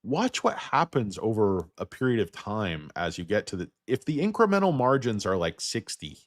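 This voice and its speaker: A man with a hoarse voice from getting sick, hosting a casual livestream about stocks. He rambles, jokes crudely and talks to his viewers. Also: lowish voice, wildly swooping pitch, moderate pace, no room sound, clean studio sound. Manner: rambling, crude, joking asides. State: losing his voice, feeling sick. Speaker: stock market livestream host.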